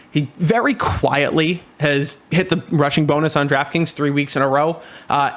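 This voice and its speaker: A young man with a slightly bright, fairly high voice gives casual fantasy football commentary over a screen share. He talks loosely, full of ums, uhs and restarts.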